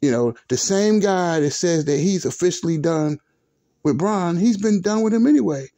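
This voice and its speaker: A man's voice: high voice, lively intonation, normal speed, mellow. A man hosting a sports vlog, ranting in an exasperated, repetitive, profane way with speech. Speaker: sports video host.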